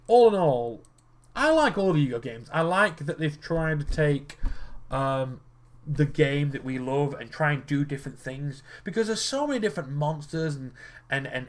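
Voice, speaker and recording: A young man rambling in casual commentary while he plays a card game, swearing freely and restarting his sentences as he gets worked up. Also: on the high side. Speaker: gaming video creator.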